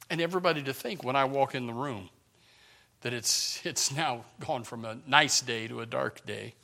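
A pastor delivers his sermon in a high, ringing male voice. He preaches with passion, rising to near-shouts and then dropping to hushed whispers. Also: animated, moderate pace.

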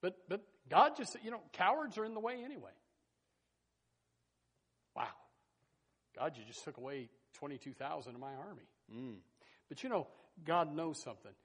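A man preaching a sermon in a folksy, animated way, with sudden loud bursts and asides to the congregation. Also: on the high side, normal speed, long pauses, slightly rough. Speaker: pastor.

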